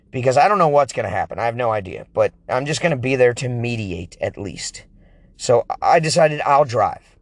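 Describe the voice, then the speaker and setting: A man telling a story in a casual, animated rant, sarcastic and exasperated, stretching out words for emphasis. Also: medium pitch, no room sound, clean studio sound.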